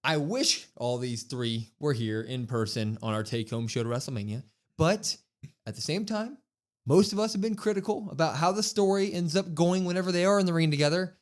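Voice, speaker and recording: A man's voice: a little high, brisk. A man co-hosting a podcast, recapping a wrestling show in casual chat and reading out quotes with emphasis. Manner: animated, reads out quotes with emphasis. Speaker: podcast co-host.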